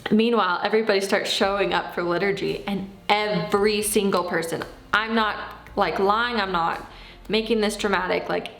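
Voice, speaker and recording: A woman in her thirties tells a personal story in a casual, animated way. She acts out what she said back then. Her voice sits at a middle pitch, and the room around her is very echoey. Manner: animated, acts out her own past lines. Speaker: vlogger.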